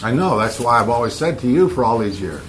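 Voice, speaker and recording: A man's voice: medium pitch, very animated, quick pace, a little hiss or hum. A man giving informal Bible teaching to a group, emphatic, repeating key words and bantering with his listeners.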